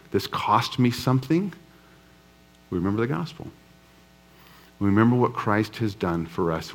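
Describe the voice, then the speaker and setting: A pastor with a drawl tells a parable to his congregation in a loose, chatty sermon. His voice sits on the low side, and he speeds up through the story and slows for the serious points. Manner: conversational storytelling with humor. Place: church before a live congregation.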